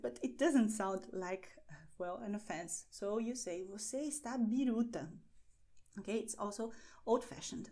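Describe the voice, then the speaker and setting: Brazilian Portuguese teacher, mellow voice. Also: female voice, mid-range voice, unhurried. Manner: frequent "okay?" check-ins, patient explaining. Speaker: language teacher. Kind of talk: language lesson.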